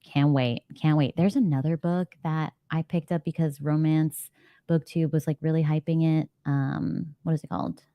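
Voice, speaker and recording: A woman's voice: deep voice, steady tone, normal speed, dry recording, lo-fi sound. A woman hosting a casual live reading stream, chatting to viewers and laughing often. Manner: chatty, reads chat comments aloud, laughs often. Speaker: livestream host.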